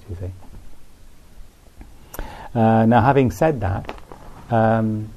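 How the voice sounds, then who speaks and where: A man giving an unhurried, folksy meditation talk to a retreat group, full of asides like "you see". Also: fairly low pitch, vocal fry, dark tone, breathy edge, low-quality recording. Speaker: Buddhist meditation teacher. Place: retreat centre.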